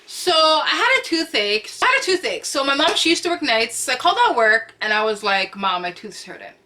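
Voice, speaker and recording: A woman's voice: sits high, big pitch swings, a little fast. A young woman vlogger telling a storytime from home to camera, chatty and slangy, repeating phrases for emphasis. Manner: acts out quotes with loud cries. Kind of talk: storytime vlog.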